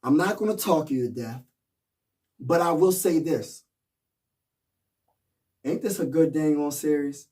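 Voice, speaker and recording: A man gives hyped, slangy fan commentary and keeps hammering the same points. His voice sits fairly high and is picked up from a little away from the mic. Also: measured pace, pauses often, darkish tone, recorded from a distance. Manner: repetitive, rallying, slangy. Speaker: sports fan vlogger.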